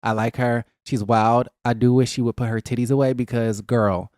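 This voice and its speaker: A man chatting casually about a reality show, gossipy and animated, with a close mic. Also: normal speed, few pauses, dry recording. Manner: gossipy and animated, acting out cast members in a higher voice. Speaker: reality TV recap vlogger. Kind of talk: casual chat.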